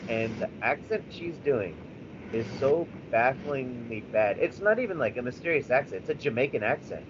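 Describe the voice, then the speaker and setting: A man co-hosting a podcast in casual chat, animated and rambling, swearing freely with lots of fillers. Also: mid-range voice, moderate pace. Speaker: podcast co-host. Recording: slightly dull audio with faint background noise.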